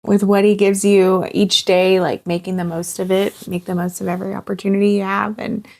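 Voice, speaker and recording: A woman in her thirties, a guest in an interview, talking in a halting, heartfelt way with many fillers. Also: medium pitch, little pitch movement, creaky, a little mellow. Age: 30s. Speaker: guest sharing her cancer journey. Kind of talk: candid personal interview.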